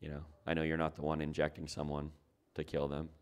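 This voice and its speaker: A man's voice: rumbling low, monotone, fast, smooth. A man preaching a sermon as pastor, talking it through in a conversational way and asking his listeners rhetorical questions.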